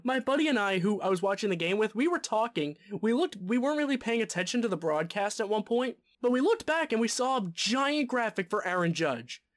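A man's voice: high voice, sing-song, fairly quick, hardly any pauses. A man co-hosting a sports podcast, ranting in a heated, casual way and cursing often. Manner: fired-up ranting, swearing. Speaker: podcast co-host.

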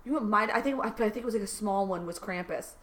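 A woman co-hosting a comedy podcast, reading a silly explicit story aloud in a dry, deadpan way and often cracking up. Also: mid-range voice, quick pace. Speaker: podcast co-host reading fan fiction aloud. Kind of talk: comic read-aloud with banter.

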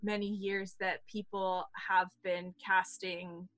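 A young woman chatting casually on a podcast, animated and laughing as she tells stories. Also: medium pitch, slow pace, no echo. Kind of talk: casual chat.

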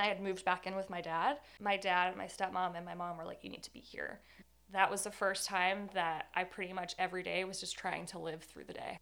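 Twenty-something woman, gravelly fry, candid and earnest, lots of "like"s. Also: lowish voice, fairly bright tone. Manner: candid, earnest, says 'like' often. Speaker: guest. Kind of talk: personal storytelling interview.

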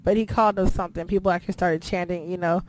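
A woman's voice: on the low side, fairly even intonation, rapid-fire, darkish tone, a little hiss or hum. A woman hosting a casual chat, talking loosely, swearing often and leaning on "you know". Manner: chatty, swears a lot, fills with "you know". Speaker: podcast host.

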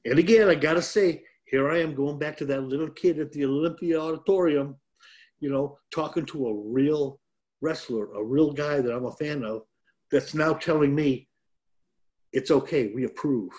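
A man's voice: a little high, moderate pace, a little mellow. Older man telling a rambling story. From Detroit, US. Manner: rambling, self-deprecating storyteller. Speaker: guest, former pro wrestler. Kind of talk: casual storytelling.

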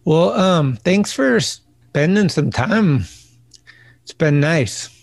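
A man's voice: a little high, lively intonation, extremely slow, gravelly, dry recording. Laid-back young man, dry close sound. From United States. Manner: laid-back, curious, asks questions. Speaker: host. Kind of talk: casual chat.

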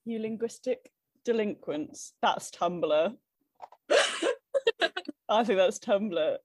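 A woman's voice: mid-range voice, slow pace, a little mellow, no room sound. A young woman in casual podcast chat, telling stories with lots of filler words. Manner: chatty, filler-heavy storytelling.

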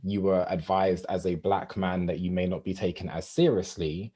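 A man with a very low, husky voice, putting considered questions to his guest. He speaks slowly and thoughtfully. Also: fairly even intonation, warm tone. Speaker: interviewer. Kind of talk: conversational interview questions.

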